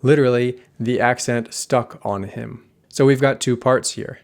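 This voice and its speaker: Male teacher, methodical, clear explanations, mid-pitched voice, slows down for examples. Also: fairly even intonation. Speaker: language teacher. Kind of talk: explanatory lesson.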